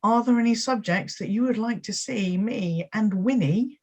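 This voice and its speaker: A woman's voice: mid-range voice, moderate pace. Woman hosting a rambling chat. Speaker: host. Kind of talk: casual chat. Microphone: video call.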